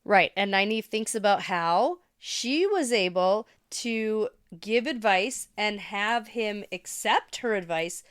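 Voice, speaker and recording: A woman co-hosting a podcast, chatting casually about a book and chiming in with quick remarks and laughs. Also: medium pitch, animated, smooth. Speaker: podcast co-host.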